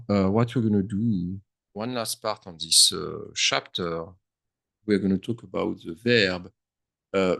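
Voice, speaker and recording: A man who teaches a grammar lesson. He talks in a chatty way at his computer, thinks out loud and slips words into his English. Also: lowish voice, gravelly, no room sound. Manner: chatty, thinks aloud, mixes French into English. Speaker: French teacher. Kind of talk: screen-share grammar lesson.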